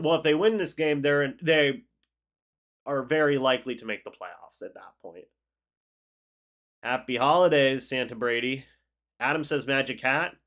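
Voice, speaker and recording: A young man, still congested after the flu, hosts a sports livestream in a relaxed, chatty manner, reading viewer comments aloud and reacting to them. His voice is medium in pitch and a bit bright.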